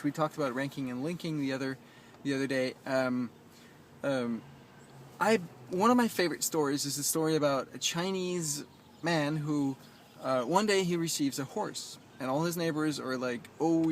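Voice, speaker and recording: A man speaking casually outdoors on a rooftop, his voice sitting a touch higher than most men's. He hesitates often, filling gaps with ums and restarting words, yet settles into a reflective, reassuring coaching tone. Faint traffic hums behind him. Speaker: life coach. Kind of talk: casual vlog monologue.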